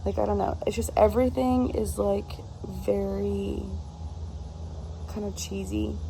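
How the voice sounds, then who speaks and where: Over background noise, a woman talks about a book she's reading in a steady, somewhat slow, medium-pitched voice with vocal fry. The book reviewer comes across as exasperated and rambling, using "like" over and over.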